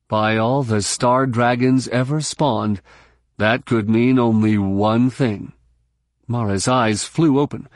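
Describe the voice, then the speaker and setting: An audiobook narrator reads a novel in a low, unhurried, measured and even voice. The scripted narration is recorded close and dry, with no room sound.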